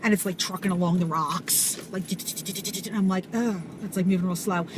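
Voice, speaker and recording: A woman telling a story to camera in an animated, casual way, swearing and full of fillers. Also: on the low side, moderate pace. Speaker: vlogger. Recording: audible background noise.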